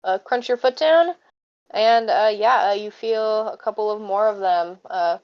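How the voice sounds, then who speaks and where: A woman's voice: mid-range voice, a little slow. Hesitant woman game master, lo-fi mic. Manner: hesitant, many fillers. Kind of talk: narrating a tabletop game. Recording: dull lo-fi mic.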